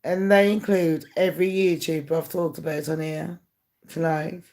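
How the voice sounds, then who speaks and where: Woman venting to her channel, gravelly fry in the voice, blunt and hurt. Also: low-pitched, flat delivery, normal speed, warm tone. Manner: candid, aggrieved rant. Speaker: YouTuber. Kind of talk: casual monologue to camera.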